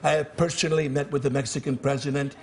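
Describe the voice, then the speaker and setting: An actor playing a brash, boastful president in a sketch comedy impression, with pouty, drawn-out phrasing. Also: male voice, mid-range voice, little pitch movement, gravelly, close to an everyday voice. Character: brash, boastful male president, late middle-aged. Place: TV studio stage with live audience. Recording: noisy broadcast TV audio.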